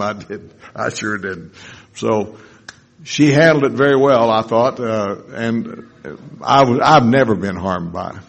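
A man's voice: lowish voice, gravelly, husky. A man telling wry, folksy stories to a live audience about his recovery. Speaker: speaker sharing recovery stories.

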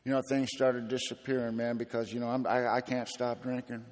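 A man's voice: medium pitch, level tone, a little fast, in a large hall. A man giving a raw, plainspoken personal testimony as a speaker at a recovery meeting.

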